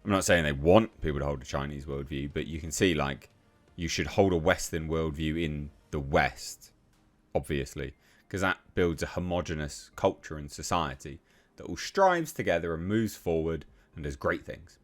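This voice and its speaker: A man's voice: extremely low pitch, animated, moderate pace, soft background music. An English man giving ranting commentary on a news article, reading passages aloud and then reacting with blunt, profane scorn. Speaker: online commentator.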